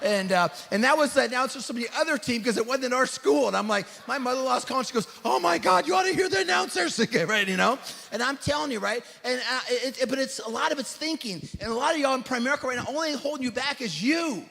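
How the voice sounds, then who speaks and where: A middle-aged man with a very high voice delivers a motivational speech from a stage. He talks in short, punchy bursts, often tags lines with "right?", and drops from loud rallying to quiet, earnest asides. His voice rings out with the long reverb of a big event hall. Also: fast talker, vocal fry. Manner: punchy, repeats "right?" and "you guys", swings from loud to hushed. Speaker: company leader speaking at a convention.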